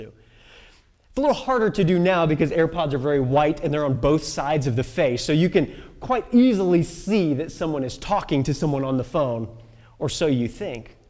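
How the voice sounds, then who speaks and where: A woman preaching a personal testimony sermon, telling a story with pauses and sudden soft drops in her voice. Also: sits low, expressive. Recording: long reverb of a large hall.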